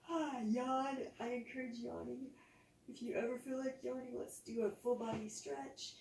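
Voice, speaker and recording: A woman yoga teacher talking listeners through a slow relaxation, with soft breathy cues and audible sighing exhales. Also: a little high, little pitch movement, far from the mic. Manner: casual, chatty wrap-up. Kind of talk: guided relaxation instruction. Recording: roomy echo, voice set back from the mic, faint background noise.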